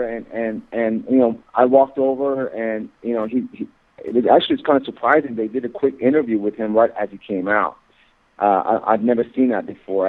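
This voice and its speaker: Male phone-in guest, halting and emphatic, tinny line. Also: mid-range voice, creaky. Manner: halting, repeats words, grows emphatic. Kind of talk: interview on radio.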